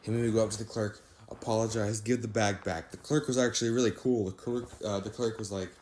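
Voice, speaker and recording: A young man casually narrating a storytime anecdote, voice jumping higher when he quotes his own disbelief. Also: quick pace, a little hiss or hum. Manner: animated, rises sharply when quoting himself in disbelief. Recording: echoey room.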